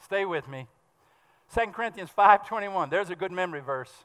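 A fast, fervent male preacher delivering a sermon with a high, bright, pressing voice. His words ring out with a long hall reverb behind them. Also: lively intonation.

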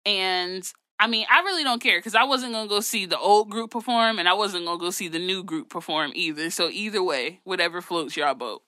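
A woman's voice: on the low side, fairly quick, hardly any pauses, pushed and bright, no echo. A woman co-hosting a casual gossip chat, sassy, blunt and profane. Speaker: podcast co-host.

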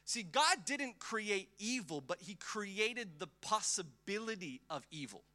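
Man, pastor, 30s, sermon, animated storytelling, very bright tone, slightly high voice, church. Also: unhurried. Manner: animated, conversational, lots of restarts and acted-out quotes.

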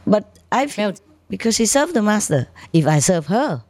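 Her voice sits in the mid-range, slightly mellow, moving at a normal speed with big swings in pitch and no room sound. She's a spiritual teacher casually telling stories to her disciples, laughing a lot and gesturing to show what she means.

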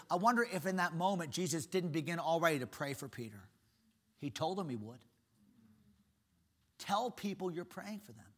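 Bright-voiced middle-aged pastor preaching. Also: male voice, on the high side. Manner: animated storytelling, emphatic. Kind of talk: sermon.

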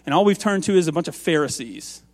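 A man on a church's music staff, preaching an earnest sermon that moves from quiet asides to raised, emphatic lines. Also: on the high side, animated, fast, big-room sound.

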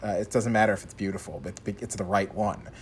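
A man's voice: on the low side, fairly even intonation, fast talker, a little hiss or hum, close to an everyday voice. A man voicing a prim male fashion-house manager, speaking in a pedantic, dismissive way.

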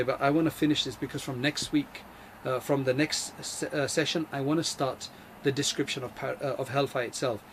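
A man giving a religious lesson in an earnest, emphatic way, repeating key phrases and reciting Arabic verses quickly. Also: medium pitch, a little hiss or hum. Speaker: Islamic teacher.

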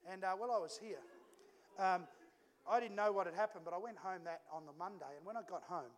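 A middle-aged man preaching a sermon in a church, telling a family story with lively acted-out dialogue. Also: high-pitched, a little fast, soft background music. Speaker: pastor.

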